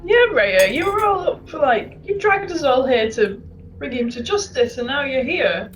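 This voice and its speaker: A woman player chatting casually at a tabletop game, teasing and expressive. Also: high voice, moderate pace. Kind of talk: casual chat.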